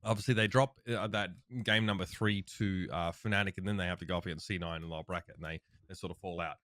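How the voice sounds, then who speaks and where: A man's voice: sits low, steady tone, quick pace, fairly bright tone, no room sound. Loose-talking male podcast host, dry sound. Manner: loose, profane, chatty. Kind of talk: casual esports podcast chat.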